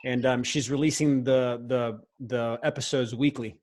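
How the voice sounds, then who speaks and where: A man's voice: mid-range voice, fairly even intonation, moderate pace, darkish tone, slight background noise, poor audio. A man talking in a casual conversation as a guest, rambling with frequent restarts and fillers. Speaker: podcast guest, film co-founder.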